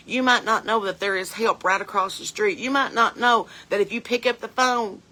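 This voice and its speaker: A woman's voice: mid-range voice, steady tone, normal speed, sharp tone. A woman playing a blunt, chain-smoking porch mom, talking in a folksy, earnest, rambling way. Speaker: comedian in character. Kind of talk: comedic character monologue.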